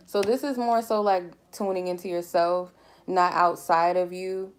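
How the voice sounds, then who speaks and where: A woman's voice: fairly low pitch, measured pace, gravelly. A woman giving a collective tarot reading in a casual, rambling way, speaking candidly and swearing freely. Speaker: tarot reader.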